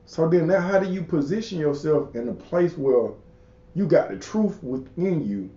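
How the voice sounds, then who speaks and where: A man's voice: a little high, animated, normal speed, warm tone, roomy sound, dull audio. A man hosting an interview, laid-back and slangy, often affirming his guest. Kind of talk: casual interview chat.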